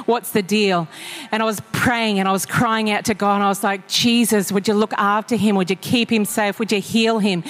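A woman preaching a sermon, telling personal stories in a conversational way with frequent fillers. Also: medium pitch. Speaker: pastor. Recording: long reverb of a large hall.

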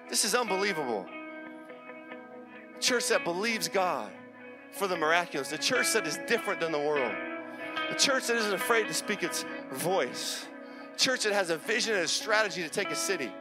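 A middle-aged male pastor preaching a sermon with urgent, repetitive exhortation that builds to impassioned near-shouting. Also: high voice, lively intonation, normal speed, over music.

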